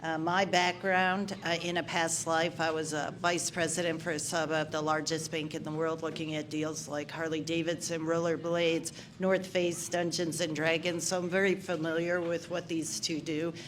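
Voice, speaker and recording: A woman's voice: deep voice, level tone, normal speed, hardly any pauses, noisy background. A woman who advises small businesses, introducing herself at a panel in a matter-of-fact, businesslike way. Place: meeting room at a luncheon.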